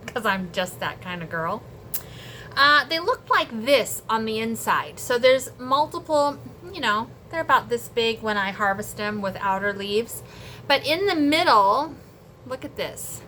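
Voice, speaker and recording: Bright-voiced chatty homesteading woman. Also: on the high side, slight background noise. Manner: chatty, homey, talks to viewers as friends. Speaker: homesteading vlogger. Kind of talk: casual chatty vlog. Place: home kitchen and garden.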